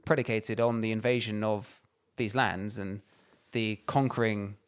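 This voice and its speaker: A man's voice: fairly low pitch, steady tone, measured pace, smooth. A man co-hosting a podcast, ranting and swearing emphatically in casual chat. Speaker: podcast co-host.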